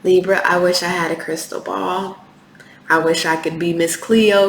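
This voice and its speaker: A woman with a lowish voice, level tone and normal speed gives a spiritual tarot reading to camera. She speaks passionately, repeating rhetorical questions and occasionally swearing, recorded in an echoey room with faint background noise.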